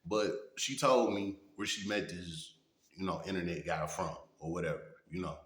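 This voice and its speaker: A man's voice: low voice, moderate pace, a bit bright. A man in his thirties telling stories in a blunt, profane way, a vlogger who often asks his viewers "you know what I'm saying". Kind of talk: casual storytelling monologue. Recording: echoey room.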